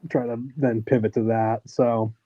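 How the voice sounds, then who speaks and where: A man on a sports podcast giving measured analysis, thinking aloud with fillers. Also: mid-range voice, flat delivery, no room sound. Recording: dry, slightly dull lo-fi sound.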